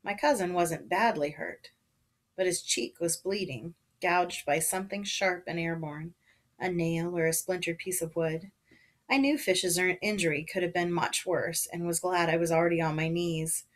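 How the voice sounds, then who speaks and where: A woman's voice: lowish voice, normal speed. A woman reading a children's novel aloud to her listeners, narrating with expression and voicing the characters. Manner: casual chat before reading, then expressive narration with voiced characters.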